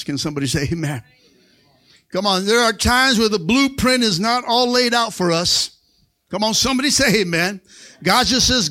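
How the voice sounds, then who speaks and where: Man, pastor, very high voice, call-and-response sermon, rising to shouts, church. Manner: call-and-response preaching, asks for amens. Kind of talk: Pentecostal sermon. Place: church sanctuary.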